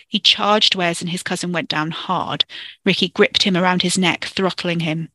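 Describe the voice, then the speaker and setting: A storyteller reading a dark fiction chapter in a steady, measured way into a close microphone. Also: medium pitch, no echo. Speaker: podcast storyteller. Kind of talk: audiobook-style fiction narration.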